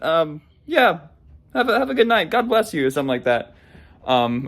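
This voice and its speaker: A man telling a story casually, rambling with frequent restarts and self-deprecating humor. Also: mid-range voice. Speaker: vlogger.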